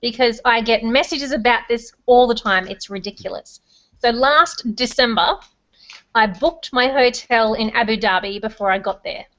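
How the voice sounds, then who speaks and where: A woman's voice: fairly high pitch, a bit bright. Insistent woman from Australia. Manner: insistent, quick to object. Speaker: panel guest. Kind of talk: casual debate. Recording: dull lo-fi sound.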